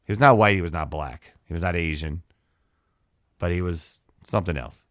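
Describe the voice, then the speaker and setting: A man with a very low voice, hosting his own podcast. He talks alone in a heated, repetitive rant, firing off the same question over and over and swearing freely. The recording is dry, with almost no room sound. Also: moderate pace, fairly bright tone, no room sound. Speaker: podcast host. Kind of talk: solo podcast monologue.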